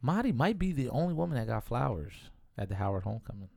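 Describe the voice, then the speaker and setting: A man in a casual chat, quick with jokes and reactions. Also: mid-range voice, sing-song, gravelly, a little mellow, no echo, clean studio sound.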